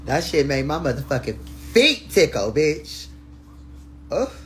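A woman hosting a casual live stream, chatting with viewers. She laughs often, swears freely and teases in a loud, playful way. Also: low-pitched, big pitch swings, a little slow, a little hiss or hum.

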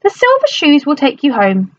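A woman voicing a kind, reassuring good witch in a storybook reading, in a gentle manner. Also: sits high, wildly swooping pitch, normal speed, dull audio, pitched above the performer's own voice.

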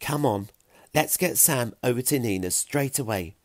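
A man voicing Fiona, a bright and bashful Stone Age girl who speaks softly but briskly. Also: medium pitch, animated, no room sound, pitched above the performer's own voice, close to an everyday voice. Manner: soft and warm, briskly practical.

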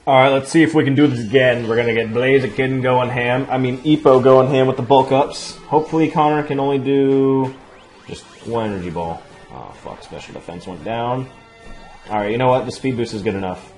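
A man giving excitable let's play commentary over a video game, swearing a lot and breaking into loud outbursts. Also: mid-range voice, fairly quick. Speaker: gaming channel host. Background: faint game music.

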